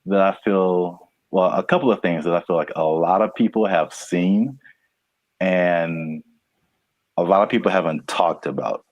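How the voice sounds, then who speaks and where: A man's voice: deep voice, unhurried, no room sound, highs cut off. A man from California co-hosting a casual podcast, rambling and laughing often. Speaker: podcast co-host.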